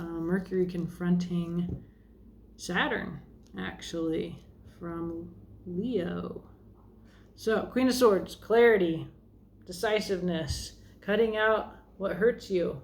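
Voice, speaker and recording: A woman with a gravelly, creaky voice gives a casual tarot reading. She talks slowly and thinks aloud as she goes. Her tone is chatty and self-deprecating. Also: on the low side, slight background noise. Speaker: tarot reader.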